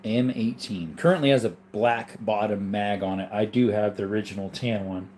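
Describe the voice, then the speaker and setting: Sleepy and yawning, a man runs a laid-back livestream, reading chat aloud and responding with rambling, easygoing replies peppered with ums and asides. His voice is fairly low and darkish, at normal speed, with slight background noise.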